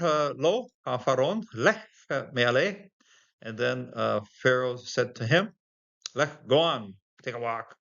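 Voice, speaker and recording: A man teaches Bible language in an easygoing, unscripted way, taking each phrase apart and pausing on fillers. His voice has a gravelly edge. The recording sounds muffled and lo-fi. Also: mid-range voice, fairly bright tone. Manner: explains word by word with many fillers and chuckles. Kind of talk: informal Bible language lesson.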